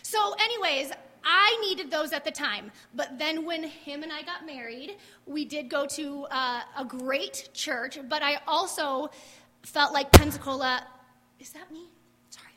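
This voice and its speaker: High-pitched woman rambling through her church testimony, lots of "like", big hall echo. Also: measured pace, fairly bright tone. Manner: chatty, candid, fillers like "like". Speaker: guest sharing testimony. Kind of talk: casual testimony on church stage. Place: church service. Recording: long hall reverb.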